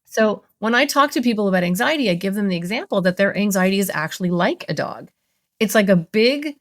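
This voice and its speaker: A woman therapist talking as a podcast guest, explaining in an animated, conversational way. She slips into playful voices for the thoughts she describes, and her pitch sits in the middle. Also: a little fast.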